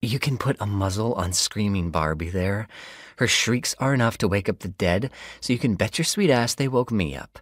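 A male narrator voicing an exhausted young woman doctor, husky and raspy, dry and blunt in her talk. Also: lowish voice, normal speed, dry recording, pitched above the performer's own voice, lightly acted.

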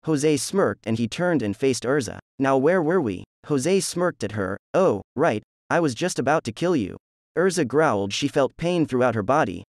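A man reads fan fiction aloud in a flat, steady way, his voice sitting at an ordinary middle pitch. The sound is dry and close to the mic, with no room around it. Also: dry recording. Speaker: narrator.

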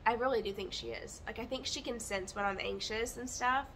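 A woman vlogging her day in a rambling, chatty, candid way, relaxed, with fillers and light laughs. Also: fairly high pitch, brisk, a little hiss or hum. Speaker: lifestyle vlogger. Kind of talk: chatty day-in-the-life vlog.

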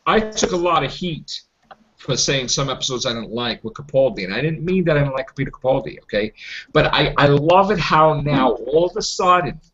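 A man's voice: on the high side, lively intonation, brisk, fairly bright tone. A man hosting a casual fan podcast, ranting and swearing with strong opinions. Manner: ranting, swears, mocks people in silly voices. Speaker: podcast host. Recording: dull lo-fi audio.

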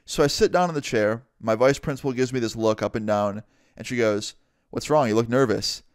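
A man's voice: mid-range voice, brisk, smooth, dry recording, studio quality. A young man casually telling a story-time vlog, swearing freely and acting out the people in it. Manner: casual, swears a lot, acts out every voice. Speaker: vlogger.

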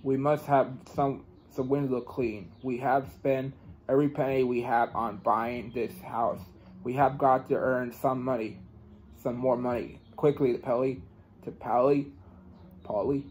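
Man reading a storybook aloud haltingly. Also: mid-range voice, fairly even intonation, darkish tone, a little hiss or hum, rough recording. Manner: halting, with frequent restarts and self-corrections. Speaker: reader. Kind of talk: reading a children's book aloud.

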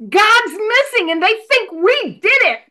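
A woman's voice: very high-pitched, very animated, measured pace, sharp tone, pitched above the performer's own voice, exaggerated voice. Woman doing a scared little eight-year-old boy. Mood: earnest.

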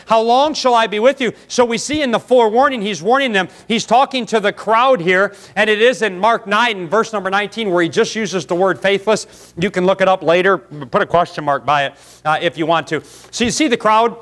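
A man's voice: high-pitched, a little fast, a bit bright. A man preaching a folksy, fiery sermon in a church, calling out congregants by name. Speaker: pastor. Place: church sanctuary.

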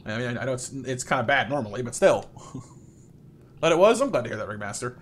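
A man's voice: medium pitch, sing-song, fast. A young man doing playful live gameplay commentary, chatting with viewers by name and coaxing game characters along. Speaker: streamer.

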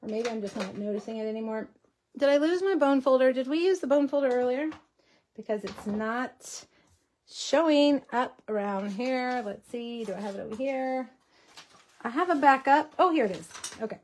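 A woman's voice: high voice, expressive, moderate pace, a little mellow. Chatty woman hosting a craft livestream. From Texas. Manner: chatty, chats with viewers while crafting. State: slight cough. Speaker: host. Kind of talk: casual craft tutorial livestream.

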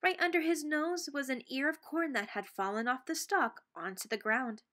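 Woman, children's book read-aloud, expressive, playful sound words, fairly high voice. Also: moderate pace.

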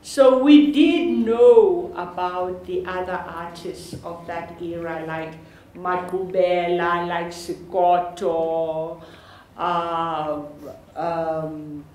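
A woman's voice: on the low side, fairly even intonation, drawn-out words, darkish tone. An older woman with a South African accent speaking on a university panel, chatty and joking, often laughing and restarting her sentences. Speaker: panel speaker, sister of the honoree. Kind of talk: informal public talk at a lecture panel. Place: university lecture hall. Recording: echoey hall with faint noise.

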